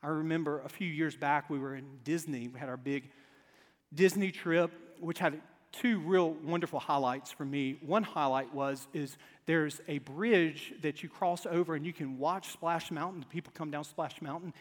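A man with a high voice preaching a sermon, spinning humorous stories for his congregation. He drops to quiet asides, then builds to loud emphasis. His words ring out with a long reverb through a large church hall. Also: normal speed. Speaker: pastor. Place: church sanctuary before a congregation.

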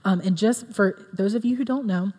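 A woman's voice: medium pitch, normal speed, warm tone. A woman giving a sermon in an earnest, conversational way, with many fillers. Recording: long reverb of a hall.

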